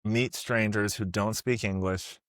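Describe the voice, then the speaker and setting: A man's voice: lowish voice, fairly even intonation, measured pace, a bit bright, dry recording, studio quality. An American man hosting a casual conversation, chatty and easygoing. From United States. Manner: easygoing, chatty, laughs along. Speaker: podcast host. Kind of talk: casual chat.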